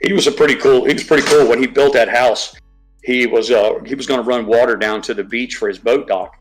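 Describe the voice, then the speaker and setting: A man's voice: mid-range voice, steady tone, fairly quick, breathy edge, faint music behind, low-quality recording. Rambling man chatting casually. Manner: rambling, swears casually, many restarts. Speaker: live stream guest. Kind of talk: casual chat.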